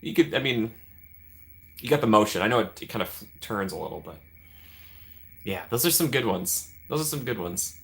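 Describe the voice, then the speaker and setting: A man's voice: lowish voice, lively intonation, moderate pace, vocal fry, long pauses. A man hosting a casual live stream, chatting with viewers by name and laughing often.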